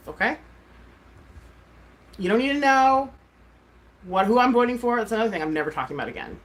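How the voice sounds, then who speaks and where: A woman's voice: a little high, lively intonation, fairly quick, pauses often. A woman, a mom and streamer, ranting casually to her viewers, exasperated and swearing freely with lots of "like". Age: adult mom. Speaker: YouTuber and streamer.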